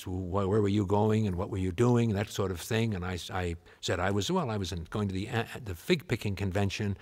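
Rambling, stammering American man spinning a yarn. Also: mid-range voice. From United States. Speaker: musician. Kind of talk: comic tall-tale storytelling. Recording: long hall reverb.

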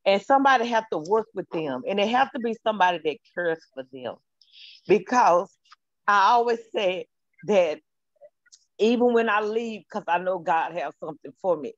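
A woman's voice: fairly low pitch, dry recording, lo-fi sound. A woman calling in to a talk show, speaking in a heartfelt, emotional, repetitive way about her work. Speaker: caller. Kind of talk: casual call-in testimony.

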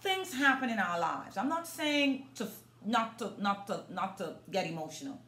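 A woman's voice: mid-range voice, big pitch swings, moderate pace, pushed and bright. A woman vlogging in an earnest, casual way, talking straight to her viewers as a motivational vlogger. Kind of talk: casual demonstration vlog. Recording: roomy echo.

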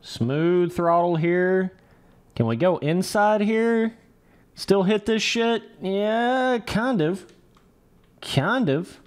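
A young man's voice, high-pitched and animated yet extremely slow, comes through clear and resonant as he streams a motocross game live. He curses casually, greets chat as "brother" and "dudes," and quietly coaches himself through each race in this live gameplay commentary.

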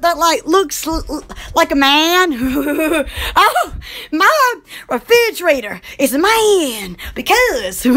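Giggly high-voiced woman rambling. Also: fairly bright tone. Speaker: channel host. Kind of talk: giggly rambling livestream chat.

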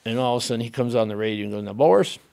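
A man guesting on a podcast as a race car driver, telling stories in an animated, rambling way with many fillers and restarts. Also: fairly low pitch, rapid-fire, creaky, clear, resonant tone. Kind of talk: casual storytelling in a podcast interview.

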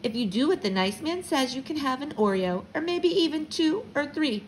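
A woman's voice: sits high, animated, moderate pace, a little hiss or hum, pitched above the performer's own voice, rough recording. A woman voicing a helpful female assistant who coaxes a toddler in a lilting voice. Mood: coaxing. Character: helpful young woman assistant, sweetly coaxing.

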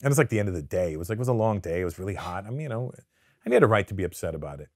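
Canadian-raised man guest, lowish voice, dry studio sound, loose profane storytelling. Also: racing, no echo. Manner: profane, animated storyteller who acts out quotes. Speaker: guest comedian. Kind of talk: casual interview storytelling. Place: studio sit-down interview.

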